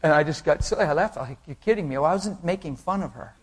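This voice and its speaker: A man preaching a sermon, telling an anecdote with lively acted quotes and laughing along with the congregation. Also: fairly high pitch, racing, husky. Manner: animated storytelling, voices quotes, laughs with the crowd.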